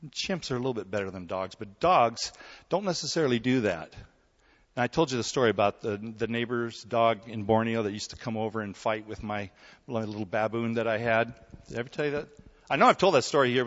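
A man preaching a sermon in a relaxed, conversational way, telling stories and often checking in with his listeners. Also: mid-range voice, fairly quick. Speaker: pastor. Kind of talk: sermon with storytelling. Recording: dull recording in a hall with long reverb.

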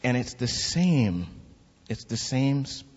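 A husky man tells his church testimony as an animated story, putting on the voices of the people in it. The sound is dull and lo-fi, with a long reverb from a large hall. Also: mid-range voice, takes it slowly. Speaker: church member giving testimony. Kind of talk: spoken testimony.

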